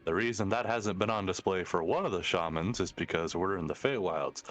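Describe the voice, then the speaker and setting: A man playing a tabletop game, joking around and quick to act out little bits. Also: deep voice, a bit bright. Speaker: player.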